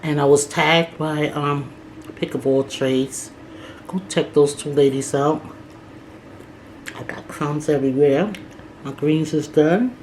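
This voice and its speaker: A woman's voice: low voice, takes it slowly, pauses often, a little mellow, a little hiss or hum. A woman vlogger talking casually while she eats, often with food in her mouth and humming between bites. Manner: talks while eating, mouth full, hums between bites. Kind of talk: casual eating vlog.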